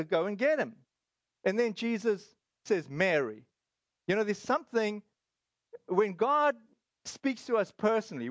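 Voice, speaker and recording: Pastor, male, high voice, chatty sermon delivery with restarts, dry slightly dull recording. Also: dry recording. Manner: conversational, with frequent fillers and restarts.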